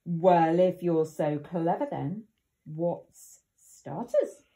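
A woman voicing a big greedy storybook wolf in a low, hungry voice. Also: drawn-out words, warm tone.

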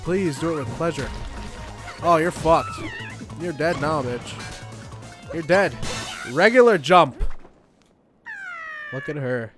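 A young man commenting on a game as he plays, swearing often and joking excitedly. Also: fairly high pitch, slow, long pauses, music in the background. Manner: profane, excitable, jokey. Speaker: gaming YouTuber. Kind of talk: let's play commentary.

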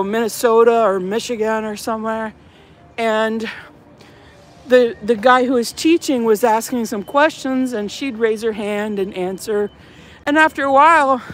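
High-voiced woman with a Southern drawl. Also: a little hiss or hum. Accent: slight Southern US drawl. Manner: chatty, rambling, with mock-officious loud announcements. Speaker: vlogger filming outside a church building. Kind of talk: casual vlog chat. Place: outdoors, walking around grounds.

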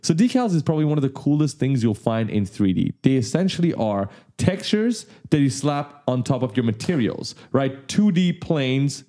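Man teaching a 3D tutorial, mellow. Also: medium pitch, sing-song, moderate pace, few pauses. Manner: enthusiastic, explains simply. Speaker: tutorial host. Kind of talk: casual software tutorial.

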